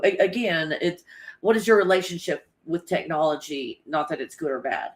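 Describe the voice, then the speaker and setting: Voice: mid-range voice, moderate pace. Rambling, swearing livestream host. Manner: chatty, loose and swearing, laughs often. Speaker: livestream host reading chat. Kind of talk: casual rambling livestream chat.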